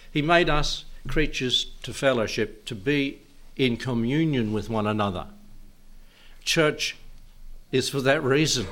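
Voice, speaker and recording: A man of middling pitch delivers a sermon to a church gathering. He breaks into soft chuckles between phrases and slows down to read scripture passages with rising emphasis. His tone stays conversational and easy. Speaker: pastor. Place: church service.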